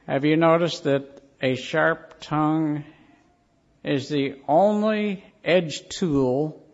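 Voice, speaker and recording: This male pastor's sermon unfolds as earnest storytelling, his phrases slow and deliberately weighted. He speaks a touch high for a man, and the audio sounds dull and lo-fi.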